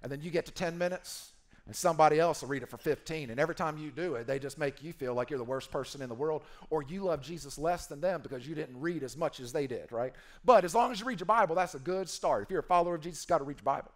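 A man's voice: on the high side, fast. A man preaching a sermon as a pastor, playful and emphatic, acting out quoted voices and repeating key phrases.

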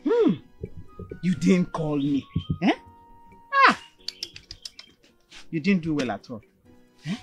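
A woman's voice: sits low, wildly swooping pitch, slow, long pauses, fairly bright tone, faint music behind, exaggerated voice. An actress playing an insistent, scolding woman friend with a Nigerian accent. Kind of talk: Nollywood film acting.

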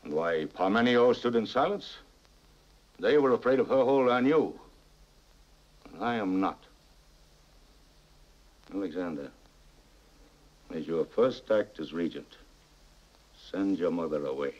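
A wily, commanding middle-aged king with a low, husky voice that rises and falls sharply as he presses his son. He probes and scolds with cold scorn. The sound is a dull, lo-fi 1950s film track. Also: animated, unhurried, pauses often. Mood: stern. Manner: stern, probing and scornful. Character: cunning, stern middle-aged king and father. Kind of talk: 1950s epic film acting.

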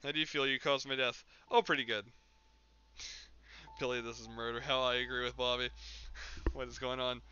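A man's voice: mid-range voice, level tone, moderate pace, pauses often, sharp tone, smooth, highs cut off. A man streaming a game and chatting casually with his chat in a rambling, jokey way, laughing often. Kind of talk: casual live-stream chat while gaming.

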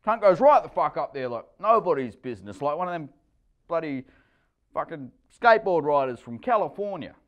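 A coarse middle-aged Australian tradie, put on by a man reading a story, rambles on about a near miss in the surf. He swears constantly and gets excited as he talks. His voice rises and falls a great deal. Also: a little high, fairly quick, dull audio, voice pushed up. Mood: excited, crude.

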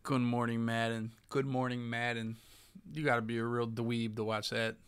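A young man hosting a gaming podcast chats casually while streaming, tossing out loose, joking trash talk. His mid-range voice is smooth and monotone, at a moderate pace.

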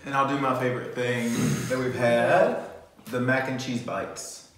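A man's voice: medium pitch, fairly even intonation, measured pace, distant mic, crowd noise. A man, chatting in a laid-back, playful way on an eating show. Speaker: mukbang co-host. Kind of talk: casual eating-show chat. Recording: very echoey room, faint noise.

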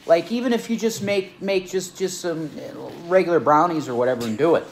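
A man's voice: fairly high pitch, fairly quick, slight background noise. Gushing man rambling over dessert. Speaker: food video creator. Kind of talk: mukbang review talk.

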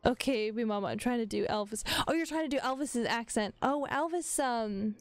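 A woman's voice: fairly high pitch, moderate pace. A woman streaming a game with casual commentary, reading the dialogue aloud between chatty asides, swearing freely and laughing often.

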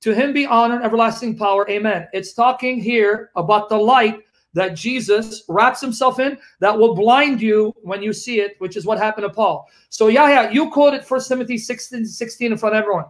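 A man's voice: high voice, moderate pace. A man debating heatedly, accusing his opponent of lying and reading scripture aloud to refute him. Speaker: Christian debater.

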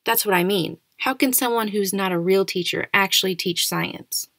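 A woman's voice: medium pitch, normal speed, vocal fry, a bit bright, dry recording. A woman voicing a snide, sarcastic ten-year-old schoolboy in a storybook reading, with a mocking, needling manner. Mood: sneering. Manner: sneering, mocking questions.

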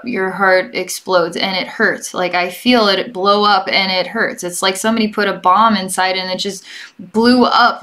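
A young adult woman giving a gentle, chatty energy healing session as a psychic, rambling and often checking in with the listener. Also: medium pitch. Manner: gentle and reassuring toward the listener. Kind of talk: relaxed guided healing session.

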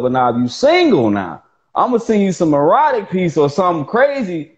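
A man with a baritone voice, a poet chatting as a guest on a live video call, animated and playful with his tone. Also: brisk, lo-fi sound. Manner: animated, plays with his voice tones, laughs easily.

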